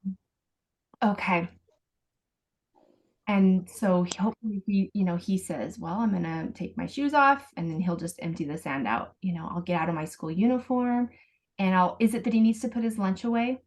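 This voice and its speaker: A woman's voice: mid-range voice, moderate pace, a little mellow. A woman parenting coach on a video call, patiently explaining step by step and acting out sample phrases.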